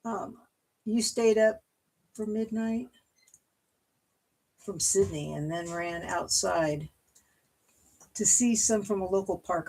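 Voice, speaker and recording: A woman from Ohio, USA, hosts a casual crafting livestream, chatting and thinking aloud as she cuts and glues a paper card. Her mid-range voice is warm and creaky, and she takes her time, leaving long pauses.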